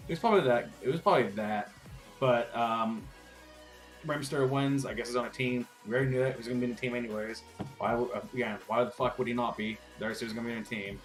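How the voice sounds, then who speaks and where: A man giving a casual, profane, rambling recap rant as a wrestling vlogger, with frustrated asides. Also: medium pitch.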